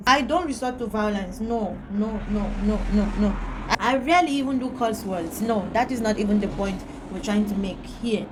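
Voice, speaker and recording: Woman, vlogger, average pitch, blunt and emphatic rant to camera, hammers her points home. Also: normal speed, noisy background. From Antigua.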